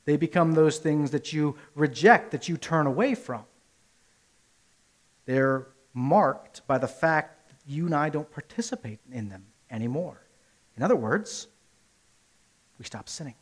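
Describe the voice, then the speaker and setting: Preaching man, somewhat high voice. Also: animated, a little slow, long pauses. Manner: earnest, rises to emphatic peaks then drops low; rhetorical questions and repetition. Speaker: pastor. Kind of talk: sermon.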